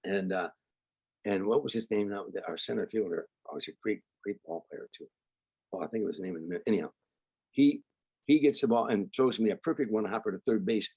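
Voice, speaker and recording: Older man telling animated street stories. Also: lowish voice, a little fast, slightly rough, no room sound. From Chicago, United States. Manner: animated storyteller, acts out quoted voices. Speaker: comedian guest. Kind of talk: storytelling interview.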